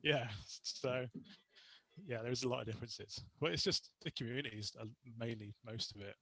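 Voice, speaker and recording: A man's voice: mid-range voice, normal speed, gravelly, sharp tone, slight background noise, low-quality recording. A young adult man chatting as a podcast guest, telling casual stories and laughing often. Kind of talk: casual interview chat.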